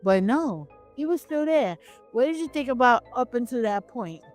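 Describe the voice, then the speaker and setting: A woman's voice: on the high side, animated, moderate pace, soft background music. A woman co-hosting a casual film review chat, slangy and questioning, often laughing.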